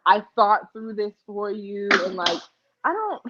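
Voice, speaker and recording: A woman's voice: mid-range voice, big pitch swings, a little slow, highs cut off, heavy background noise. A young woman co-hosting a casual chat, talking emphatically with lots of "like". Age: young adult. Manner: emphatic, full of "like" fillers. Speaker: co-host.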